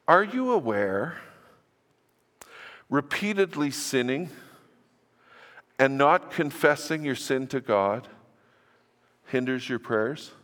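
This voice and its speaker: Older male pastor, mid-pitched, earnest conversational sermon, long church-hall reverb. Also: animated, slow pace, pauses often, a bit bright. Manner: conversational and earnest, with self-deprecating asides. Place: church sanctuary.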